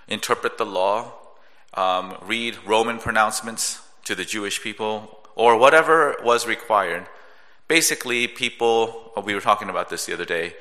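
Slow-speaking preacher man in a reverberant hall. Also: fairly low pitch, pushed and bright. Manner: measured teaching tone with frequent rhetorical "right?". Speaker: pastor. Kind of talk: sermon. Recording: long reverb of a large hall.

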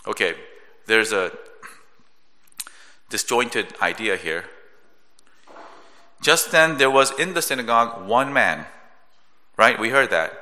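A male pastor preaching a sermon in a measured teaching tone, often checking in with a rhetorical "right?". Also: lowish voice, sing-song, pushed and bright. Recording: long reverb of a large hall.

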